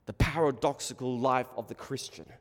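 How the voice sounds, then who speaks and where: A man preaching a sermon in short, deliberate phrases with long pauses. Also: mid-range voice, big-room sound.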